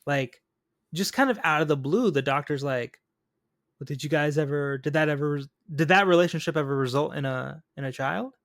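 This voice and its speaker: Animated man with a slightly high voice. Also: moderate pace, no room sound, studio quality. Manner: animated, acts out quotes from the film. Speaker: podcast co-host. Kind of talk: casual chat.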